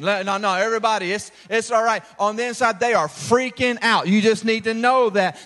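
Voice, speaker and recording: A pastor preaching a sermon with humor, swinging from shouted peaks to low, intimate tones and acting out quoted voices. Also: male voice, big-room sound.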